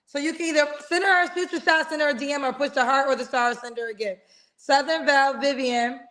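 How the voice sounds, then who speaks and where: Woman host, high voice, playful slangy chatter on a video call. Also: fairly even intonation, fast talker, fairly bright tone. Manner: chatty and playful, uses slang like "child" and "girl". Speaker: host of a live singles dating show. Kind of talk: casual live-stream chat.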